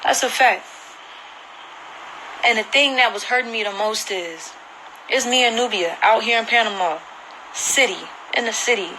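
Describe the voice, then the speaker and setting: A woman's voice: fairly high pitch, normal speed, pushed and bright, a little hiss or hum, low-quality recording. A woman vlogger giving an emotional personal account to camera, earnest and repeating herself for emphasis. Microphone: phone screen recording.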